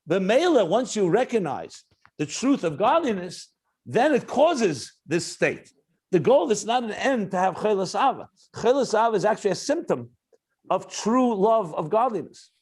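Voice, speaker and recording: A man's voice: high voice, a little mellow. A man, a rabbi, teaching a spoken Torah class, telling a story earnestly and often restarting his sentences.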